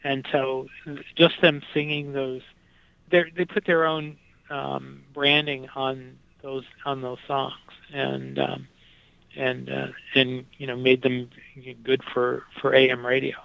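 A man's voice: medium pitch, flat delivery, takes it slowly, vocal fry, smooth, no room sound, lo-fi sound. A man talking casually about music, with lots of fillers and restarts as he thinks aloud. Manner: hesitant, many fillers and restarts.

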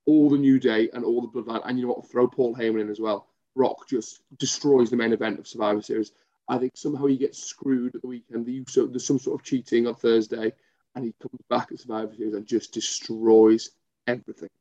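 Bloke on a podcast, mellow dark voice, chimes in with lots of yeahs, bit dull lo-fi sound. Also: male voice, medium pitch, fairly even intonation. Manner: eager, quick agreeing interjections. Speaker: podcast co-host. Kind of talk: casual wrestling chat. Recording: slightly dull lo-fi audio.

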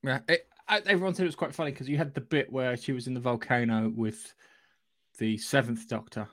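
A man's voice: mid-range voice, fairly even intonation, brisk, fairly bright tone, dry recording, clean studio sound. A man co-hosting a casual podcast, enthusiastic and nerdy, swearing now and then. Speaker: podcast co-host.

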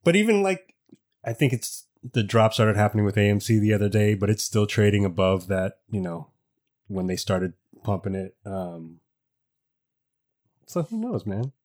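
A man with a lowish voice chatting casually, his pitch rising and falling expressively. He teases with dry humour and laughs easily. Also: lively intonation, moderate pace, darkish tone. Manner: teasing, wry, laughs easily. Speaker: podcast co-host. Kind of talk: casual chat.

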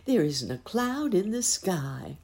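A woman doing a brisk muskrat housekeeper lady. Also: lowish voice, sing-song, gravelly, a little mellow, voice pushed up, full character voice. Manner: brisk, fussing.

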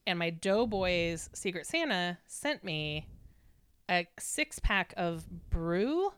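A woman's voice: fairly low pitch, sing-song, takes it slowly, a bit bright, clean tone. A woman in her forties chatting casually on a podcast, full of "like" fillers. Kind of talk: casual chat.

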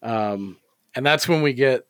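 A man's voice: mid-range voice, measured pace, fairly bright tone, smooth, dry recording, clean studio sound. A man co-hosting a podcast in casual chat. He rambles, swears freely and uses many fillers. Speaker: podcast co-host.

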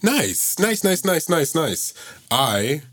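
A man in his twenties with a slight lisp, co-hosting a podcast in playful, excitable casual chat. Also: a little high, takes it slowly, slight background noise. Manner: playful, excitable, giggly banter. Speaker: podcast co-host.

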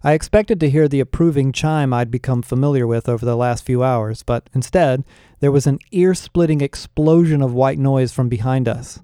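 A man narrating a first-person audiobook with an even storytelling delivery. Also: medium pitch, moderate pace, clean tone, no echo, clean studio sound.

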